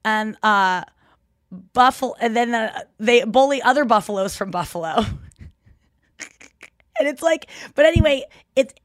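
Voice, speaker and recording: A woman, co-hosting a podcast in casual, animated, rambling chat with frequent laughs. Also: on the high side, a little slow, pauses often, dry recording, studio quality. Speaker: podcast co-host.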